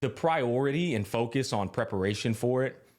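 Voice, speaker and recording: A man's voice: mid-range voice, expressive, normal speed, darkish tone. A young man co-hosting a podcast, talking casually with lots of energy and a bit of swearing. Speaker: podcast co-host. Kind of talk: casual chat.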